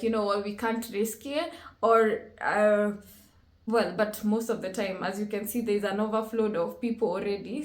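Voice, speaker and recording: Higher-voiced woman reacting in a roomy space. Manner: emotional, exclaims often, thinks aloud. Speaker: reaction video host. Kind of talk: casual reaction commentary. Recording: roomy echo with faint music.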